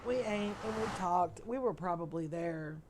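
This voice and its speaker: Over a noisy background, a middle-aged woman speaks in a lowish voice at normal speed while playing a game. Tired and yawning, she hosts this let's play with casual, rambling stories.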